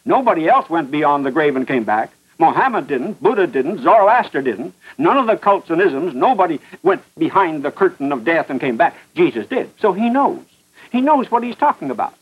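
Muffled and dull like an old radio broadcast, this fervent sermon comes from a man with a high, husky, sing-song voice speaking at normal speed. He preaches with fierce emphasis, pressing each point with repetition and sharp questions.

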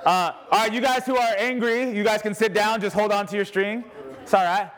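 High-voiced guy running a church group game, jokey, calling people out. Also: fairly quick. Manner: lively, joking, calls out to the crowd. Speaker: church speaker leading a group activity. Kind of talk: energetic interactive sermon.

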